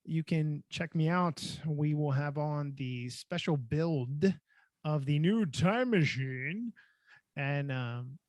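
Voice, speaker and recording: Male podcast host, playful and chatty, slightly raised pitch, dry mic. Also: slow, no room sound. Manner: jokey, breaks into mock shouting and laughter. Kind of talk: casual chat.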